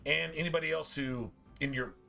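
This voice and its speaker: A man's voice: fairly high pitch, a little fast, creaky, bright, forceful tone, soft background music. A man streaming a game and ranting casually, swearing often in a preachy, emphatic way. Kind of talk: casual rant while gaming.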